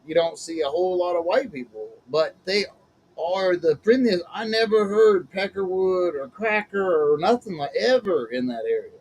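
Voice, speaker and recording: A man's voice: high-pitched, expressive, normal speed, darkish tone, slight background noise, rough recording. A man hosting a casual chat as a minister, folksy and chatty, laughing often. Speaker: host, minister.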